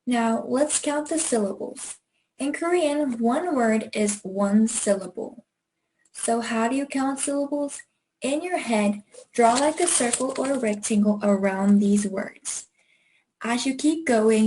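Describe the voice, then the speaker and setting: Slow, patient young woman teaching. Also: on the high side, a little mellow, a little hiss or hum, rough recording. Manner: patient, encouraging, spells out sounds syllable by syllable. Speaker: Korean language teacher. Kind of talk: slow, clear online language lesson.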